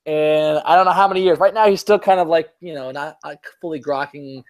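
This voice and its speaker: A man's voice: fairly high pitch, fairly even intonation, fairly quick. A man from Cleveland hosting a podcast, chatting casually in a rambling, self-mocking way and laughing often. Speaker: podcast host.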